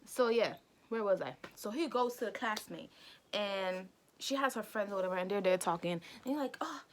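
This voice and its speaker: A woman vlogger retelling a story in casual chat while doing her makeup, talking in an animated, chatty way and acting out characters' lines. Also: mid-range voice, normal speed, slight background noise. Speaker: vlogger recapping an anime.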